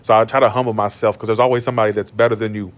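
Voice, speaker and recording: A man's voice: on the low side, little pitch movement, racing. A man in his thirties from Georgia, ranting bluntly to his stream audience from his bed, with many restarts. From Georgia, USA. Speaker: YouTuber. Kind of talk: casual monologue on a live stream. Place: in bed at home.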